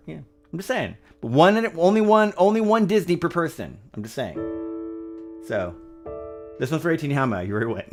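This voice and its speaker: A man's voice: fairly low pitch, big pitch swings, moderate pace, long pauses. Chatty man hosting over piano. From United States. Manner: upbeat, chatty, laughs often. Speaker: livestream host and pianist. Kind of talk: casual livestream chat. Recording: piano music under the voice. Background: piano music.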